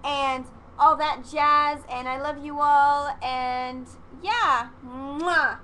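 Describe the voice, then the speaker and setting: A young woman with a high, bright voice rattles through an episode recap, rambling and excitable, dropping casual swears and acting out what the characters say. Her chatty vlog is recorded with a faint hiss of background noise behind her. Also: drawn-out words, low-quality recording. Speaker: vlogger reviewing a TV episode.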